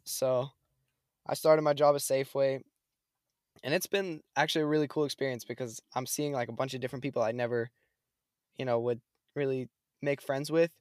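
A young man in casual conversation, telling a story with lots of slang and energy. His voice sits at a middling pitch. The sound is dry and close. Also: steady tone, a little fast, long pauses, a little mellow, no echo. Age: young adult. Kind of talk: casual chat.

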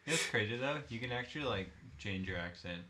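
Deep-voiced young man, filler-heavy chat. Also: lively intonation, a little fast, sharp tone. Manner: filler-heavy talk, lots of "like". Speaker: podcast co-host. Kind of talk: casual chat.

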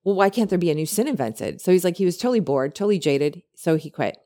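A woman co-hosting a podcast, chatting casually and retelling a story with many animated quotes. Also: lowish voice, quick pace. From lived in California. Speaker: podcast co-host.

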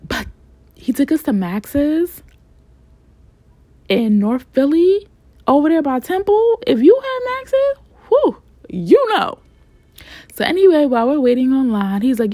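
A woman in her forties from New York, with a New York accent, telling a story casually in slangy, animated talk and acting out the quotes. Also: high voice, a little slow, no echo.

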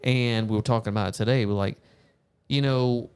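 Man, mid-pitched voice, chatty podcast co-host, animated and loose. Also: fairly quick, clear, resonant tone. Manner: chatty, animated, laughs easily. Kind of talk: casual chat.

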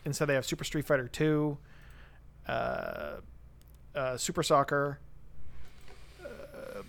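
A man's voice: a little high, steady tone, takes it slowly, creaky, fairly bright tone, slight background noise. A man co-hosting a casual podcast chat, wry and teasing. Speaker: podcast co-host.

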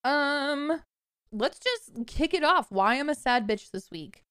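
A woman's voice: high voice, expressive, takes it slowly, fairly bright tone, dry recording, studio quality. A woman co-hosting a casual podcast with friends, telling self-deprecating stories with lots of laughter and swearing. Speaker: podcast co-host. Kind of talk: casual chat among friends. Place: lives in a cold snowy area, recording remotely.

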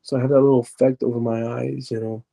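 A man's voice: medium pitch, little pitch movement, fast, creaky, mellow. A man, a podcast guest, giving an earnest, confessional account of his personal testimony, often stopping and restarting as he retells it.

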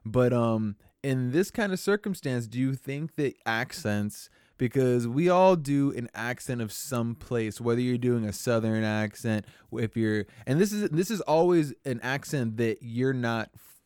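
Podcast host guy, smooth voice, dry close sound, lots of ums while he asks stuff. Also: medium pitch, animated, a little slow, darkish tone, dry recording. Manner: hesitant, many fillers, posing questions. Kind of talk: casual podcast chat.

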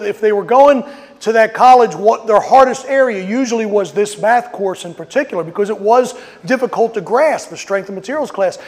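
A man's voice: sits high, long reverb tail. A man preaching a sermon outdoors, telling a story and acting out quotes with rising emphasis. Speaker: pastor. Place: outdoors on a street.

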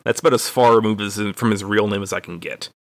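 A man's voice: lowish voice, fairly even intonation, fast talker, dry recording. A young man from Texas, a podcast co-host, telling a rambling, profane, self-deprecating story in casual chat.

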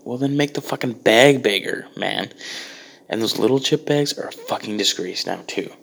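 A man's voice: lowish voice, normal speed, creaky. A man delivering a profane, exasperated comedic rant. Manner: ranting, exasperated, heavy swearing.

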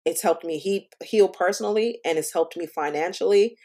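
A woman guest on a casual podcast, telling stories in an animated way and calling the listener "girl". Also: on the low side, moderate pace. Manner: lively, animated storytelling, calls the listener girl. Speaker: podcast guest, stationery shop owner. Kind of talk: casual interview chat.

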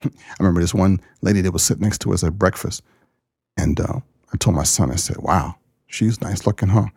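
A man hosting his podcast, a pastor talking in a casual, folksy, jokey way, with sudden jumps up in pitch. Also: fast talker, vocal fry, a little mellow, breathy edge, dry recording, studio quality. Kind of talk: casual chat.

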